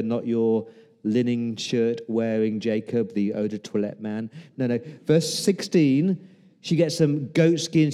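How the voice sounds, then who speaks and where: A male pastor delivers a sermon in a mellow, warm voice, retelling Bible stories with humor and acting out the people in them. His words ring out with the long reverb of a church hall. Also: mid-range voice.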